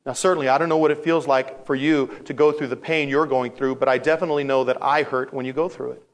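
A male pastor preaching a sermon in an animated storytelling manner, acting out voices and repeating phrases for emphasis. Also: mid-range voice, fast talker.

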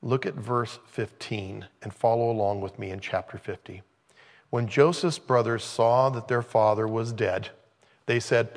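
A man preaching as a pastor, teaching through a scripture passage conversationally and growing animated when he retells the scenes. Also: medium pitch, normal speed. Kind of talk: expository sermon.

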